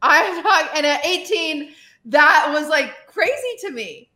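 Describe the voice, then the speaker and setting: A woman's voice: sits high, sing-song, slow pace, pushed and bright. A woman livestreamer telling a long personal story in casual chat, rambling and full of "like" fillers. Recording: roomy echo.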